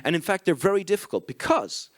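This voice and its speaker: A man's voice: high-pitched, big pitch swings, fast talker. An Irish man giving a comic conference talk, telling profane, self-mocking anecdotes. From Ireland. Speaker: conference speaker. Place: conference stage.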